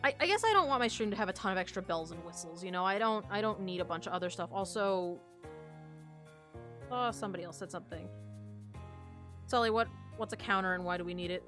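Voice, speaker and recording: A woman's voice: mid-range voice, expressive, fast talker, long pauses, fairly bright tone, soft background music. A young woman livestreaming, chatting casually with viewers in a giggly, rambling, self-deprecating way. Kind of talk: casual stream chat.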